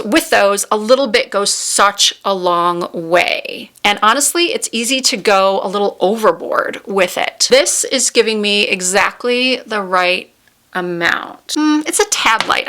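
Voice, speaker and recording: Bright chatty woman doing a makeup vlog at home, talks thru every step. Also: medium pitch. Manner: chatty, giggly at times, narrates each step. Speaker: beauty vlogger. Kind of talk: casual makeup tutorial chat. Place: home room with a window.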